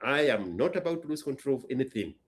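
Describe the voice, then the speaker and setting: A man's voice: mid-range voice, sing-song, quick pace. A man, a business owner hosting a casual chat, telling a story emphatically and bluntly. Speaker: business owner and show host.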